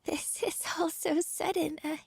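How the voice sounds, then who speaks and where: A grieving young florist talks through tears in a very high, slow voice, as a woman plays her. Her words come out haltingly and her voice has some creak. The sound is dry and close. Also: fairly even intonation, no room sound, exaggerated voice. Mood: tearful. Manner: halting, hesitant. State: tearful.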